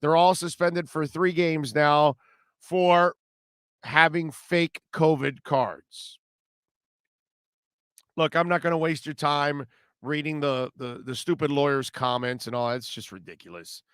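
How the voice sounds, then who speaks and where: A man's voice: on the high side, measured pace, fairly bright tone, clear, resonant tone, no echo, studio quality. A man hosting sports talk radio, blunt and rambling, with sarcastic asides.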